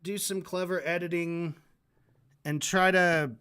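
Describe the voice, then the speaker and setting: A man's voice: high voice, steady tone, unhurried, bright, forceful tone, clean tone. A man hosting a livestream, reacting to clips with sarcastic, casual commentary. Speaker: livestream host.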